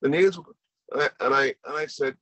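A man's voice: on the high side, fast talker, a bit bright, no echo. A man with an Indian English accent telling a personal story as a guest speaker, earnest and emotional, often repeating himself.

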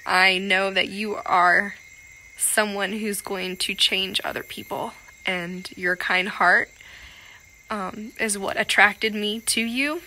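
A woman from Connecticut speaks in a bright voice, earnest and a little emotional, sometimes dropping soft. She records a thank-you message inside a yoga studio. Faint crickets sit in the background. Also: mid-range voice, steady tone, takes it slowly, slight background noise, low-quality recording. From Connecticut, USA. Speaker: retreat guest. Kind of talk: heartfelt video message.

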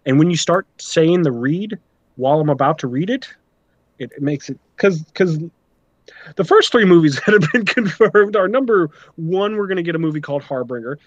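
A man's voice: a little high, animated, moderate pace, no room sound, highs cut off. A man hosting a casual podcast, talking through his notes and giving his opinions freely. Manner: talkative, reads notes, opinionated. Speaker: podcast host.

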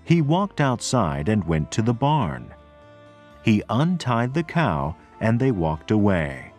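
Man, storybook narrator, low voice, lively intonation. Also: soft background music. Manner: clear, deliberate, expressive reading. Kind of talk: slow read-aloud storybook narration.

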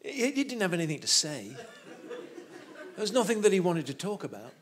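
A man's voice: high-pitched, sing-song, fairly quick. A man, a guest preacher telling a humorous story in a sermon.

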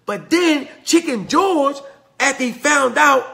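A Southern US man gives a motivational talk in a high, bright voice. His tone is sharp and tense, and his phrases crackle with gravel. He preaches through a story and swings between booming and hushed. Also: lively intonation, a little slow. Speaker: motivational speaker.

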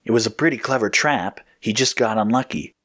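A man as a thoughtful, steady space agent. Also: medium pitch, brisk, natural voice.

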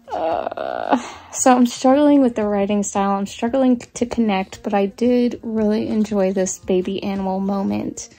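A woman's voice: fairly high pitch, dark tone. A woman talking casually to camera in a book vlog, candid and chatty, laughing often. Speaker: book vlogger.

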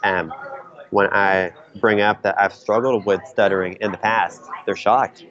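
A man's voice: on the low side, steady tone, a little slow, a bit bright. Young man on a muffled call. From Texas. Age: 20s. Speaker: guest, Bible teacher. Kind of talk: interview over video call. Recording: muffled video call audio.

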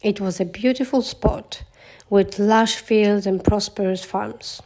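A woman narrates a children's fairy tale in a gentle, steady storybook voice. Her pitch sits in the middle range for a woman. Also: slow pace. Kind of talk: children's storybook read-aloud.

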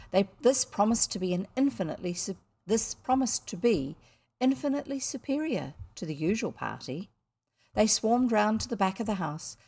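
A woman with a New Zealand accent reading a classic children's story aloud, expressive with the odd slip and restart. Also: mid-range voice. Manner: expressive, occasional slips and restarts. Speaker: audiobook reader.

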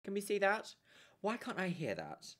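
A woman's voice: medium pitch, huge pitch swings, normal speed. A young woman chatting casually on a live stream, giggling and thanking her viewers as she plays.

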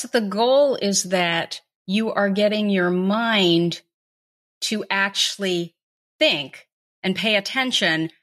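A woman hosting a podcast interview, agreeable and quick to laugh. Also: medium pitch, fairly bright tone. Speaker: podcast host.

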